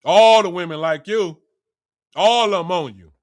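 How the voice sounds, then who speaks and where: A man delivering an animated, profane motivational rant in streetwise slang. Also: high voice, measured pace. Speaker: vlogger.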